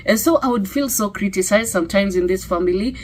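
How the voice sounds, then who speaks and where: A woman's voice: medium pitch, fairly quick, a little hiss or hum. A middle-aged woman with a Kenyan accent sharing a personal testimony in a conversational way, full of fillers and "okay?" tags. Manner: conversational, many fillers and tag questions.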